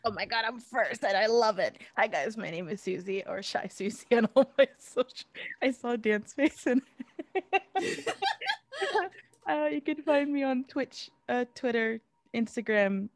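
A young woman with a fairly high voice introduces herself as a player, her pitch jumping around. She is bubbly and giggles between words, and the sound is dry and close. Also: animated, unhurried, dry recording. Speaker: tabletop player.

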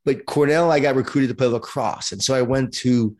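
A middle-aged man from Long Island, New York, a guest author telling his life story in an interview with lively, self-deprecating humor. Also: medium pitch, brisk.

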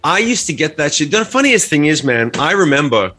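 A man's voice: fairly high pitch, very animated, brisk, bright, forceful tone, slightly rough. An Australian man co-hosting a podcast, telling long rambling stories in a casual chat and swearing freely. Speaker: podcast co-host.

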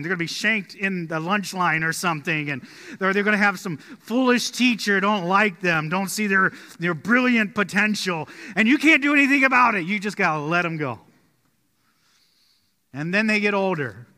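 A man preaching a sermon as pastor, telling stories and dropping his voice low and slow to stress key points. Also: big-room sound. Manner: storytelling, drops quiet and slow on key points. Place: church sanctuary.

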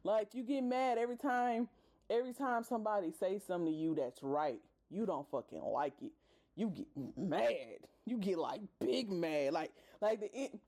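A woman's voice: medium pitch, mellow. A woman hosting a podcast, ranting casually and profanely with exasperated bursts of laughter. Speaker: podcast host.

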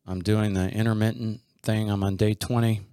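A man with a fairly low voice hosts a podcast in an easygoing chat, rambling and restarting his sentences. The sound is dry and close. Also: flat delivery, moderate pace, dark tone, clean tone, no room sound. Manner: rambling, with many restarts and fillers. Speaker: podcast host. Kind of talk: casual chat.

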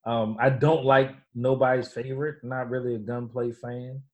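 A man co-hosting a podcast, reading news items and chatting in a laid-back, low-key way. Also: little pitch movement, normal speed. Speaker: podcast co-host. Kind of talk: casual chat, reading news aloud.

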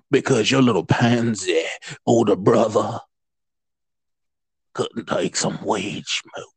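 A man's voice: on the low side, slow, pauses often, slightly rough, no room sound. A man co-hosting a casual podcast chat who talks in a blunt, teasing way. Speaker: podcast co-host.

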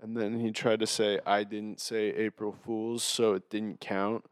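A young man co-hosting a podcast, telling stories to friends in a lively way with plenty of swearing. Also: lowish voice, unhurried, clean tone, no room sound. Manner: animated storytelling, swearing. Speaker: podcast co-host. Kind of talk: casual chat among friends.

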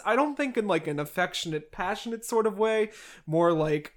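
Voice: mid-range voice, animated, moderate pace. A podcast host giving a casual, wry recap of a classic novel, with sarcastic asides aimed at the characters.

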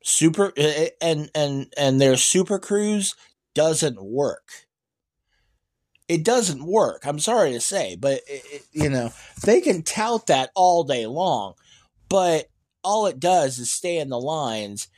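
Guy vlogging slow, rambling w lots of uhs, gets worked up and emphatic. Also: a little high. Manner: rambling, many fillers and restarts; animated, emphatic rants. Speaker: EV news vlogger. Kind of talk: casual opinionated commentary.

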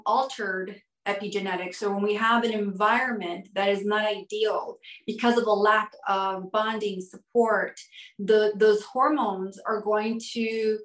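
Woman, podcast guest, explains through rhetorical questions, mid pitch, echoey room. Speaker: guest expert. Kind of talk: podcast interview.

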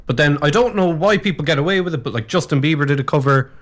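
A man co-hosting a casual radio chat show, teasing his partner with quick reactions. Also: fairly high pitch. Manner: teasing, reactive, lots of short replies. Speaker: radio co-host.

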